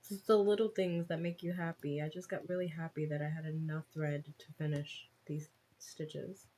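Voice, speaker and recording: A woman's voice: low-pitched, fairly even intonation, normal speed, mellow, slight background noise. A woman chatting casually on a livestream while she cross-stitches, laughing at herself and muttering as she works.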